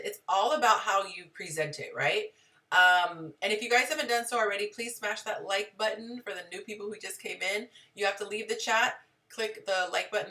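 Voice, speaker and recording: A woman's voice: medium pitch, pushed and bright, distant mic. A woman hosting a live relationship advice stream, talking conversationally and greeting viewers in the chat.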